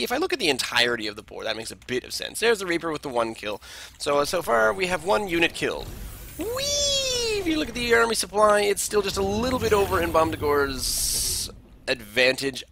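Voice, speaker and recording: Gravelly, lively male game caster. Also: medium pitch, slight background noise. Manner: rambling, with joking asides. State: has a cold, congested sinuses. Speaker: game replay commentator. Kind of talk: casual game replay commentary.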